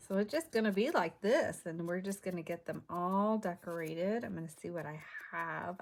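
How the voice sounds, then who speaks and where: A woman hosting a crafting video, chatting casually and half-muttering to herself as she works at home. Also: on the low side.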